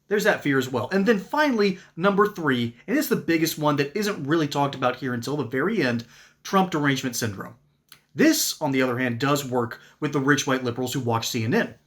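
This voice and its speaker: A man's voice: fairly high pitch, a bit bright. A man giving sarcastic, mocking political commentary in an opinion monologue. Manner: reads ad copy.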